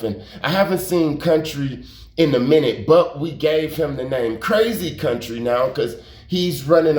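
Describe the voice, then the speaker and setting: A man telling a story in a casual, rambling way, repeating himself, using slang and cursing for emphasis. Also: a little high. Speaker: YouTube storyteller. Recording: roomy echo.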